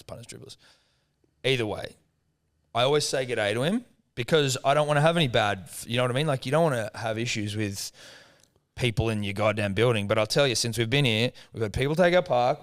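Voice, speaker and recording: A young Australian man riffing on a comedy podcast, his voice sitting at an ordinary middle pitch. He tells stories with plenty of swearing and jumps into quick impressions of the people in them. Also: clear, resonant tone. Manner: animated, profane storytelling with acted quotes. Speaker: podcast co-host. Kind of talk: casual comedic chat.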